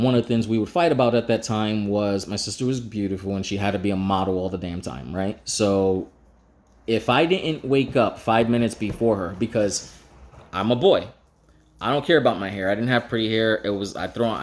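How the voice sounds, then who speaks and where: A man with a fairly low voice tells a story from his own life in a casual, frank manner and swears now and then. When he quotes someone, his pitch jumps up and he acts the lines out with animation. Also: brisk. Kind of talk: personal storytelling.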